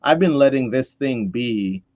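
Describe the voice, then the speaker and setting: Brief: male co-host, mid-pitched, earnest conversational podcast chat, dry lo-fi sound. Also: lively intonation, unhurried, darkish tone, no echo. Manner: reflective, earnest, with restarts and quoted asides.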